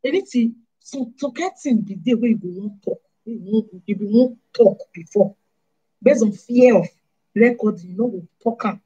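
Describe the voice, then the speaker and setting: A woman with a Nigerian Pidgin accent delivers a lively monologue to camera, her voice husky and a little breathy. She scolds her listeners and fires rhetorical questions at them one after another. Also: medium pitch, moderate pace, dull audio. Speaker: vlogger.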